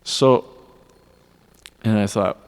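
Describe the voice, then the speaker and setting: A man giving a devotional class in a temple hall, telling personal stories in an earnest, animated way. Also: on the low side, very slow, clean tone. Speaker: class speaker. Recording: long reverb of a hall.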